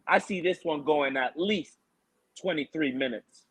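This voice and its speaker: A man's voice: a little high, lively intonation, moderate pace, fairly bright tone, husky, poor audio. A man co-hosting a casual podcast, ranting animatedly and mocking with laughs. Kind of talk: casual fight-talk podcast chat.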